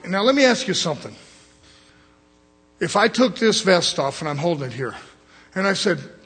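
A man's voice: sits high, big pitch swings, moderate pace, long pauses, a bit bright, slightly rough. A middle-aged male preacher giving a fiery sermon in a blunt, folksy manner, calling for amens from the congregation. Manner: folksy, blunt, call-and-response.

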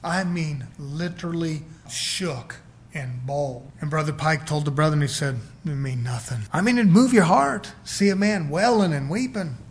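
A man with a fairly high voice preaching a sermon. He talks in a folksy, emphatic way, rising loud and dropping to a near hush. He acts out the voices of the people he quotes. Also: animated, normal speed. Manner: folksy, emphatic, swings between loud and quiet.

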